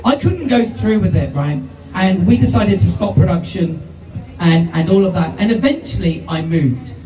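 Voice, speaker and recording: A man's voice: sits high, lively intonation, normal speed, darkish tone, slight background noise. A man, doing live stand-up with rambling, profane storytelling. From United Kingdom. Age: 50s. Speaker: stand-up comedian. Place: small comedy venue with audience. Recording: distant, echoey live room.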